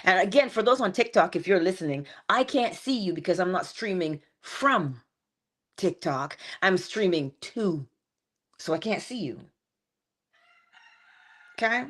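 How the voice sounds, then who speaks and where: A middle-aged woman hosts a morning spiritual livestream from home, talking in an animated, preacher-like way. Her pitch swoops up and down with lots of expression, and she breaks into asides as she goes. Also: unhurried, long pauses. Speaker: host of a morning inspiration livestream. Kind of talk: spiritual talk and livestream greetings.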